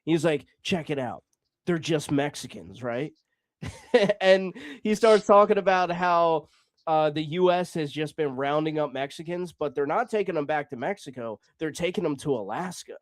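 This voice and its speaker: Laid-back swearing podcast host, dry sound. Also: male voice, on the high side, normal speed, no echo. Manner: laid-back, swears freely, laughs often. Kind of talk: casual comedy podcast chat.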